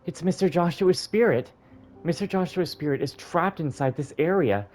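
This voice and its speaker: Guy doing an upset pleading grieving man for a game, higher voice, loud. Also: expressive, normal speed, close to an everyday voice. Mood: distraught. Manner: pleading and emotional. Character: distraught grieving man, haunted by the past.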